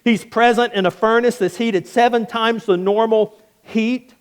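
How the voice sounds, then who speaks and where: A male pastor preaching a sermon emphatically, repeating phrases and dropping low and quiet on key words. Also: fairly even intonation, a little slow, smooth.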